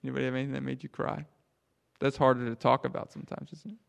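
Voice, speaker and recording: A man leading a children's sermon, asking the kids questions and swinging from loud emphasis down to a near hush. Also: mid-range voice, very fast, gravelly. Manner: animated, drops to a hush for emphasis. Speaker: pastor.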